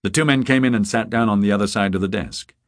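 A man narrating a crime novel audiobook in a measured, even reading. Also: lowish voice, no echo, clean studio sound. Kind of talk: scripted narration.

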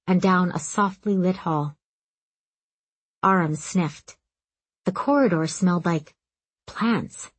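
A woman reading a story aloud, in a calm, steady narration. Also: fairly low pitch, husky, dry recording. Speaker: audiobook narrator. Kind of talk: scripted narration.

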